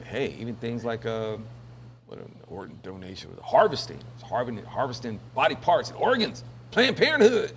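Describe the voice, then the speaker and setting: A man's voice: mid-range voice, a little hiss or hum. Joking rambling male commentary host. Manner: rambling and joking, many fillers, laughs often. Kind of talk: casual news commentary.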